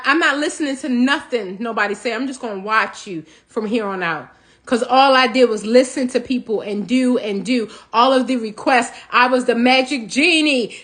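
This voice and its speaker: High-voiced, animated motivational woman. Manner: animated, preachy, laughs between points. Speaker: host of a healing talk show. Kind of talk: motivational talk.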